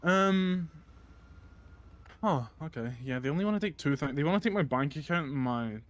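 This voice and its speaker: A man's voice: a little high, expressive, normal speed. A man chatting in character during a roleplay game, rambling through stories with frequent laughter and swearing. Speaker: streamer playing a roleplay character. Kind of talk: casual in-character roleplay chat.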